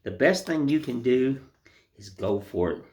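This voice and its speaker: A man's voice: medium pitch, expressive, unhurried, darkish tone. An older man giving a casual, rambling woodcarving lesson in a folksy, self-deprecating way. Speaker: woodcarving instructor. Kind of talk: casual hands-on demonstration.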